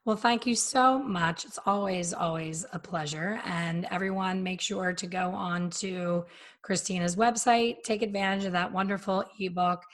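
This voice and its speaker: A woman's voice: lowish voice, fairly even intonation, moderate pace. A woman hosting a podcast, chatting with a guest in a friendly, gushing way. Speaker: podcast host. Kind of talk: casual podcast interview.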